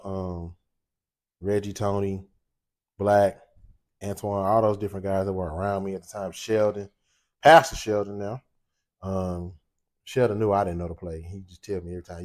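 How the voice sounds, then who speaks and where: Middle-aged guy w a st telling a story on his cooking show, kinda low voice, laughs a lot. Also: brisk. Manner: animated, laughing, voices quoted people. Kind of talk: casual storytelling.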